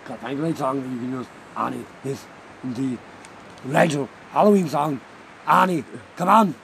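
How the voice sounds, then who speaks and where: A man co-hosting a casual karaoke podcast, joking around and trying out falsetto and inhale singing. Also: brisk, gravelly, fairly bright tone, a little hiss or hum.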